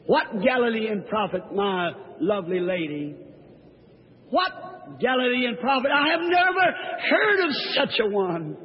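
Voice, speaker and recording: A preacher acting as an old blind beggar, pleading. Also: male voice, high voice, big pitch swings, measured pace, breathy edge, voice pushed down, full character voice. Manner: pleading, old-fashioned courteous speech. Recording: echoey hall, dull lo-fi sound.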